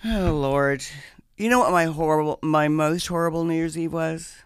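Woman, animated storyteller, dramatic and profane, dry close sound. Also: sits low, normal speed, clean tone, no echo. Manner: animated, dramatic, swears freely. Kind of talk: casual storytelling chat.

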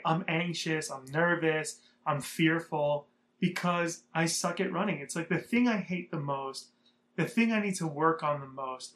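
A man's voice: fairly high pitch, fairly bright tone. A young man from Southern California telling a rambling, profane story in a casual vlog. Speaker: vlogger.

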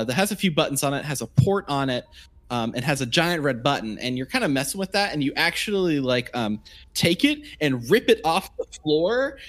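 A man narrating as game master of a tabletop role-play game, rambling with many fillers. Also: on the high side.

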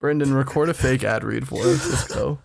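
A man's voice: medium pitch, normal speed, vocal fry. A man co-hosting a podcast, bantering casually with friends, often laughing and swearing. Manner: animated, laughing, profane banter. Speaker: podcast co-host. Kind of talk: casual chat.

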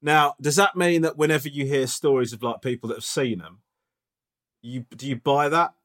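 A man's voice: mid-range voice, fairly even intonation, moderate pace, fairly bright tone. A man co-hosting a podcast, chatting casually and teasing his friend with jokey banter. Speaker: podcast co-host. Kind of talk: casual comedic chat.

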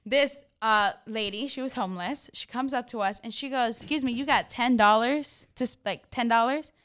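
Young woman telling animated stories. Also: fairly high pitch, moderate pace, clear, resonant tone. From Florida. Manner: animated, acts out quoted people. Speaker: podcast co-host. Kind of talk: casual storytelling chat.

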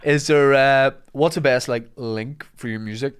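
A man's voice: mid-range voice, fairly even intonation, a little slow, smooth. A Northern Irish man co-hosting a podcast, chatting casually, telling stories and laughing often. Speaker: podcast co-host. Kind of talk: casual chat.

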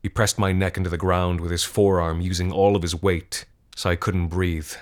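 A man reading a scripted horror story in a measured, grim manner. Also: low voice, little pitch movement.

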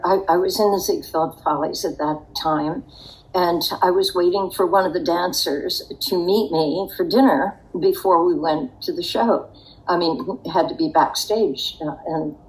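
An older woman speaking in a low-set voice at a slow, unhurried pace. She looks back on her past with reflective pauses and the odd soft laugh, as an interview guest. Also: poor audio. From United States. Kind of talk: interview storytelling.

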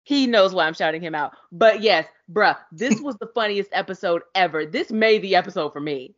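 A woman co-hosting a podcast in casual chat, excitable and slangy, laughing often. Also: fairly low pitch, a little fast. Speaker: podcast co-host. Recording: dull lo-fi sound.

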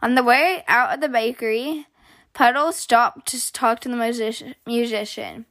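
A woman hosting a children's story podcast, reading aloud in a gentle, expressive way. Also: a little high, moderate pace. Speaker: host, storyteller.

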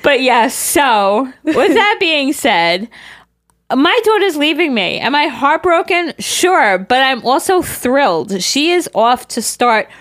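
A woman's voice: high-pitched, very animated, slow pace, a bit bright, no room sound, studio quality. A woman in her forties co-hosting an advice podcast, blunt and motherly, swearing freely and getting emotional. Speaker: podcast co-host. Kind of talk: casual advice podcast chat.

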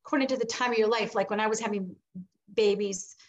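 A woman's voice: medium pitch, quick pace, muffled recording. A middle-aged woman, a guest in an interview, telling a personal story with animation and acting out the voices she quotes. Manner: animated, acts out quoted voices, laughs between lines.

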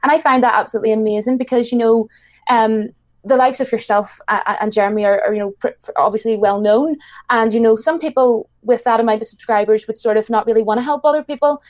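Chatty Irish woman, fairly high voice. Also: fairly even intonation, fast, darkish tone. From Ireland. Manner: chatty, gushing, laughs often. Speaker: guest YouTuber. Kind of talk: casual chat.

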